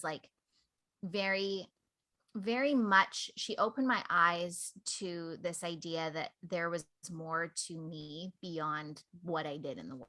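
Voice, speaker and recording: Bright-voiced woman telling her story. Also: on the low side. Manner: candid, reflective storytelling with many "like" fillers. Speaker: podcast guest. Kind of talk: casual conversation.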